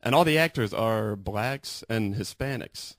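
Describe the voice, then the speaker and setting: A young man performing a deadpan stand-up set live in a radio studio, slipping into higher voices to act out coworkers. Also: a little slow, dry recording. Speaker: stand-up comedian.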